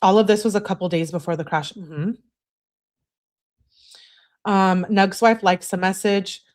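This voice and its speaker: A woman's voice: medium pitch, fairly even intonation, a little slow. A woman hosting a true-crime livestream in casual commentary, answering chat with sarcastic, exasperated asides. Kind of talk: casual live-stream commentary.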